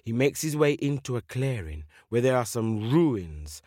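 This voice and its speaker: A man telling a children's folk tale with slow, dramatic repetitions. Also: medium pitch, sing-song, warm tone, no room sound, studio quality. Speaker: storyteller. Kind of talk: children's story narration.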